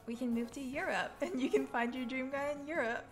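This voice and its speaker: A woman's voice: high-pitched, fairly quick, soft background music. A young woman co-hosting a casual podcast chat, drawling along with frequent fillers and laughter. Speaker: podcast co-host.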